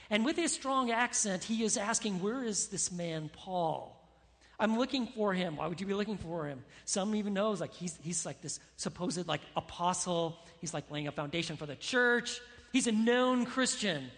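A male pastor delivers a sermon in an animated, emphatic way, acting out quotes as he goes. His voice is recorded in a church sanctuary with a long, ringing reverb. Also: sits high.

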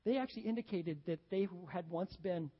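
A pastor delivers a sermon in an easy, conversational way, slipping into stories and acting out jokes for the congregation. The recording is muffled and carries the long reverb of a large church sanctuary. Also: male voice, high-pitched, brisk. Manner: conversational, storytelling, acts out jokes. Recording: dull sound in a reverberant hall.

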